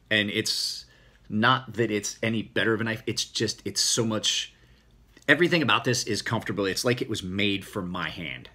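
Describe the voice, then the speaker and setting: Husky-voiced man with a country accent. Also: fairly low pitch. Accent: rural American country accent. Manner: rambling, relaxed, self-correcting. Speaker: knife maker answering viewer questions. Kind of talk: casual Q&A video.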